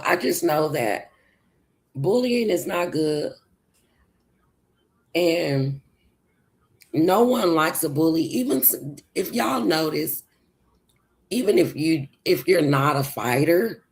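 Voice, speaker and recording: A woman with a Southern country accent hosts a casual livestream. She rambles loosely and answers her chat as she goes. Her voice is low, gravelly and sleepy-sounding, and she speaks at an unhurried, drawn-out pace. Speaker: livestream host.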